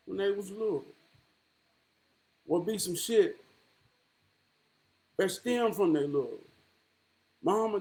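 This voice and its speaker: A man with a high voice preaching an impassioned monologue, blunt and profane. His pitch swings widely as he hammers home rhetorical questions, and he keeps dropping "man" at the end of lines. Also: darkish tone. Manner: repeats "man" as a filler.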